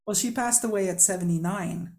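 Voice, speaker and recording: A woman's voice: medium pitch, fairly quick, darkish tone. A woman hosting a podcast interview, chatty and upbeat, who laughs often as she talks. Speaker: podcast host. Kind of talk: casual interview chat.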